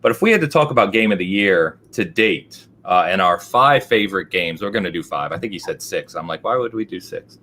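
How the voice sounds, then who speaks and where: A man hosts a casual gaming podcast in a low voice, upbeat and quick to chime in with agreement. A faint hiss sits under the recording. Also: expressive, bright, forceful tone. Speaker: podcast host.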